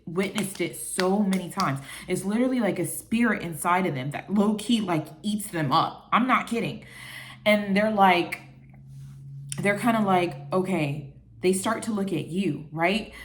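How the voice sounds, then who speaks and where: A woman's voice: medium pitch, slight background noise. Chatty woman giving casual advice. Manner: chatty, animated, quotes people in little voices; calls the listener baby. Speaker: vlogger giving life advice. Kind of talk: casual talk to camera.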